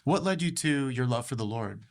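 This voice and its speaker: A man hosting a podcast interview, talking in a halting way with frequent restarts and fillers. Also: medium pitch, lively intonation. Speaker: podcast host. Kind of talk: conversational interview.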